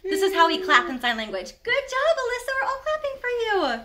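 A high, bright woman's voice that swoops up and down as she leads a class of young children through sign language. She sounds encouraging and animated, praising each small step. Her tone is light and clear. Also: a little fast. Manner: animated, encouraging, gasps with delight.

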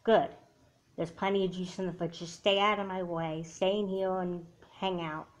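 A snappy, dismissive big-sister girl, voiced by a woman for a homemade doll movie. She sits a little low in pitch and brushes everyone off. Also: little pitch movement, normal speed, natural voice. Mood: curt. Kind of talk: home doll-movie voice acting.

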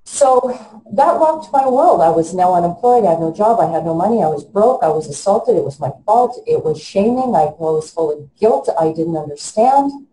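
A woman in her fifties speaks as an interview guest, slightly low in pitch and warm in tone. She talks in an earnest, halting way and often restarts her sentences. The room gives her voice a noticeable echo. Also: lively intonation. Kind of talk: personal storytelling in an interview.

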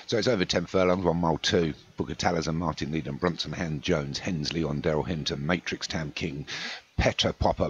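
A man's voice: low voice, fairly bright tone. A man giving chatty amateur race commentary on a video game race, with self-deprecating asides between the calls. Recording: dull lo-fi with clear background noise.

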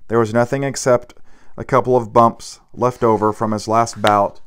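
A man reading a novel aloud as an audiobook narrator, steady with occasional stumbles and restarts. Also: medium pitch, moderate pace, slight background noise.

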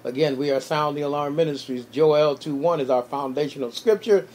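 A man's voice: fairly high pitch, a little fast, a little mellow, a little hiss or hum. Pastor man, amen-filled closing. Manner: many fillers and repeated amens. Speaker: pastor hosting a prayer call. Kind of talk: preaching and closing announcements.

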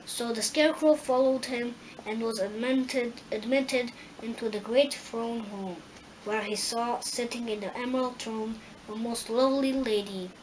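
Woman reader for a storybook, careful and slow with small stumbles. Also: on the high side, a little mellow, a little hiss or hum, low-quality recording. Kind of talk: storybook reading.

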